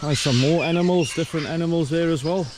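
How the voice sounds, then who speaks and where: A middle-aged man, vlogging casually on a walking tour and cooing at the birds in a sing-song voice as he goes. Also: fast talker. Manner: chatty, coos at birds in a high sing-song voice. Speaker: travel vlogger. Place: outdoor bird park. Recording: outdoor clip with loud bird noise.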